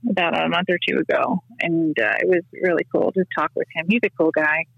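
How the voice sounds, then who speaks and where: A woman's voice: deep voice, little pitch movement, fairly quick, creaky, dry recording, highs cut off. A woman guesting on a podcast, chatting casually and rambling with lots of fillers and restarts. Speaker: podcast guest, knife maker. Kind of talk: casual chat.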